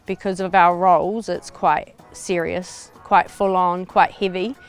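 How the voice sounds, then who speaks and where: A woman's voice: lowish voice, fairly even intonation, a little slow, faint music behind. A woman speaking in an interview, matter-of-fact and fond of her husband. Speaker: interviewee, wife.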